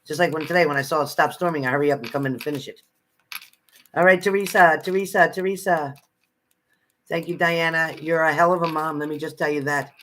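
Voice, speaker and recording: A man's voice: fairly high pitch, fairly even intonation, quick pace, fairly bright tone, slight background noise. A man giving live psychic readings to viewers from home in a chatty manner, repeating phrases and calling people by name. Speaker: psychic reader.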